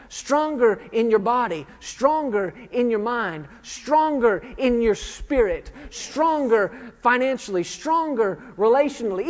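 A man in his thirties preaching a sermon, firing emphatic questions at the congregation. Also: extremely high pitch. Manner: emphatic call-and-response questioning. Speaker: pastor. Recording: dull lo-fi recording with long hall reverb.

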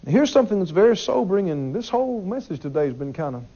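Speaking quickly, a preacher with a high and animated voice delivers his sermon forcefully. He keeps repeating himself and questioning the congregation, and the recording has a dull, lo-fi quality.

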